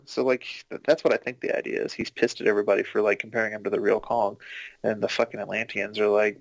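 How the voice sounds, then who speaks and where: A man's voice: on the low side, steady tone, fast, no echo, rough recording. A man talking through a movie in a laid-back, explanatory way, swearing often. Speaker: movie commentary co-host. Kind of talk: casual movie commentary.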